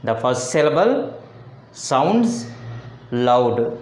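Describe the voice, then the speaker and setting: A man teaching a lesson on word stress, speaking deliberately and repeating words and phrases for emphasis. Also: mid-range voice, big pitch swings, roomy sound, background noise. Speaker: English teacher. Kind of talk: slow phonetics lesson.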